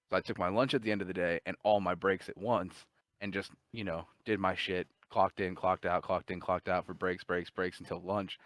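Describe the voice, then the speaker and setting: A young man co-hosting a podcast, telling stories in an animated, profane, casual way. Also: sits low, no echo. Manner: animated, profane, swearing often. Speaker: podcast co-host and storyteller. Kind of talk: casual chat, storytelling.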